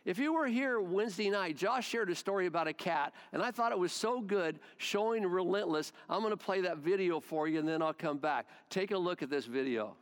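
A man's voice: high voice, animated, brisk, few pauses, smooth. A man preaching a sermon, emphatic, repeating key words for force. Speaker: pastor.

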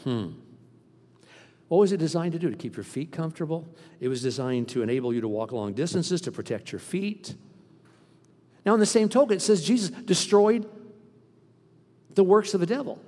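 Pastor guy preaching, kinda high voice, big echoey church sound, acts out what people say. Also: normal speed, pauses often. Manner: animated preaching, acting out quoted voices. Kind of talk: sermon. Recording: long reverb from a hall.

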